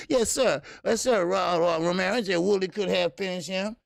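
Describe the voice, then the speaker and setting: Gravelly, profane boxing stream host. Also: male voice, sits high, moderate pace, no echo, studio quality. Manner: loose, profane, rambling with many fillers. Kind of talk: casual live-stream commentary.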